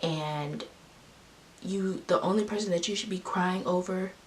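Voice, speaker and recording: A young woman with a low voice tells viewers a personal story, candid and emphatic. She sits a bit away from the microphone, and a faint hiss runs under the recording. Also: measured pace, recorded from a distance. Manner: emphatic, talking straight to viewers. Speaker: vlogger.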